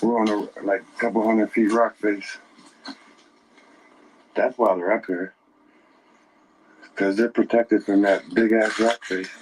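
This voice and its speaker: A man's voice: on the low side, little pitch movement, slow pace, long pauses. A man narrating an outdoor vlog from a rocky cliffside, talking in a nervous, rambling way. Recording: noisy outdoor clip.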